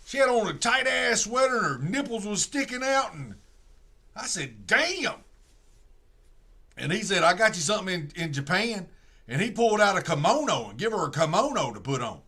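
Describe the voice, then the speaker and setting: A man with a drawl rambles through a movie plot, starting over and over. His voice sits high and sounds bright and forceful. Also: big pitch swings, a little fast, breathy edge. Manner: rambling, drawling retelling with many restarts. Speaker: streamer. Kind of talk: casual storytelling, retelling a movie plot.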